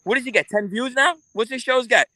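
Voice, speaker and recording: A man talking as a guest in a casual, profane interview, telling stories in an animated way. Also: very high voice, brisk, no room sound. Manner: animated, swearing, storytelling.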